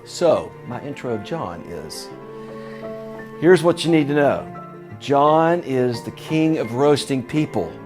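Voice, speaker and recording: A man hosts a benefit evening, speaking earnestly as he promotes an auction. His voice sits at a middle pitch. Soft music plays quietly underneath. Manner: earnest, introducing a guest. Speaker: event host. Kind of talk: scripted event announcement.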